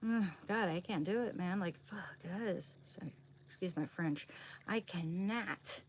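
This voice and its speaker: A woman livestreaming from her kitchen at home, cooing and whispering softly to her dog and chatting loosely with viewers. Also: lowish voice, measured pace. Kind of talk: casual livestream chat. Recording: clear steady background noise.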